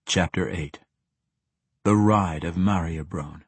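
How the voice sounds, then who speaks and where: A man reads a fantasy audiobook in a steady, even-paced way. His voice sits low and sounds husky. The recording is close and dry, with no room sound. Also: slow, dry recording. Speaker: audiobook narrator. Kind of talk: scripted fantasy narration.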